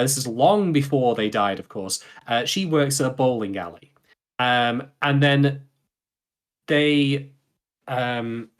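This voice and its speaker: A man co-hosting a casual podcast discussion, chatty, often correcting himself mid-sentence. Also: medium pitch. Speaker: podcast co-host.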